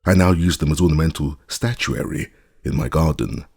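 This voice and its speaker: A man's voice: rumbling low, moderate pace, a little mellow. A man voicing a boastful old male magician who lectures about his own inventions.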